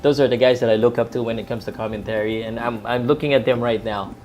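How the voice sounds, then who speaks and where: A man's voice: mid-range voice, steady tone, fast, a little mellow, a little hiss or hum. A man from the Philippines, a professional commentator, chatting loosely about boxing and MMA on a live stream, with many fillers and restarts. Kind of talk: live fight-night talk.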